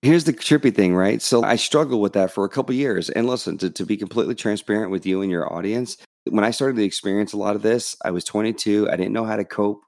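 A man telling his life story as a podcast guest, open and animated, swearing casually. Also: on the low side, fast talker, no echo, clean studio sound. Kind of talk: personal storytelling in interview.

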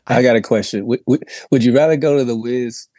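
A man's voice: mid-range voice, brisk, dark tone, dry recording, clean studio sound. A man cohosting a podcast, dropping teasing jokes. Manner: teasing, joking asides. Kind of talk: casual podcast chat.

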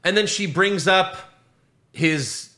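A man in casual movie-review chat, ranting with swearing, his voice jumping high when he gets outraged. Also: slow pace, bright, forceful tone. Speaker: podcast co-host.

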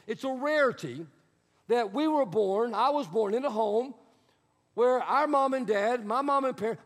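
A man's voice: very high-pitched, fairly bright tone. A man pastor preaching a sermon in a church sanctuary, conversational and emphatic, repeating his key phrases. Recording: long hall reverb.

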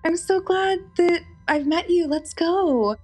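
A woman's voice: extremely high pitch, slow, darkish tone, pitched above the performer's own voice. A woman imitating a creepy man who speaks in a fake-friendly, sing-song way.

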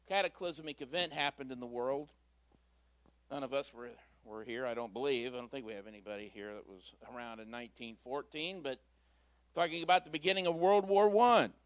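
A man's voice: on the high side, no echo. A man preaching a Christmas Eve sermon in a church, telling a story in a folksy, conversational way with asides. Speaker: pastor.

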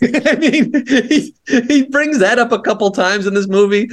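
A man's voice: extremely high pitch, a little slow. Joking man rambling in podcast chat. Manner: joking, rambling with restarts and laughs. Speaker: podcast co-host. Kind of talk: casual film chat.

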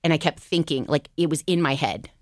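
A woman co-host chatting candidly in a podcast conversation, animated and quick with asides. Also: sits low, no room sound, clean studio sound. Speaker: talk show co-host.

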